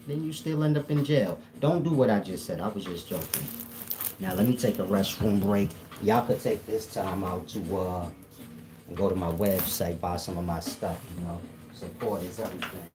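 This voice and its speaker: A man's voice: sits low, moderate pace, noisy background. Blunt profane man in AAVE. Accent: African American Vernacular English. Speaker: spiritual teacher.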